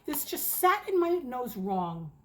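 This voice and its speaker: Chatty excitable woman reviewing wax. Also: on the high side, unhurried. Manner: chatty, excitable, swears casually. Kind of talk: casual chat. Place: home near an airport.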